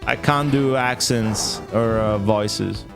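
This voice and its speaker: A man, rambling and swearing through live gameplay stream chatter, laughing often and jumping into high exclamations. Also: takes it slowly, gravelly. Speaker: game streamer. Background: game music.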